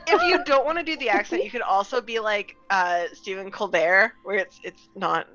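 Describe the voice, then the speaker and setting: A woman's voice: mid-range voice, big pitch swings, fairly quick, highs cut off, a crowd in the background. A playful woman player chatting and laughing during tabletop character creation. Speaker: game player. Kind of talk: casual tabletop chat.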